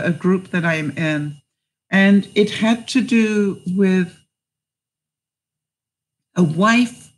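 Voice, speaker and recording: A middle-aged woman vlogger on a live stream, reading viewers' comments aloud and giving them chatty life advice by name. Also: on the low side. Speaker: vlogger answering live chat.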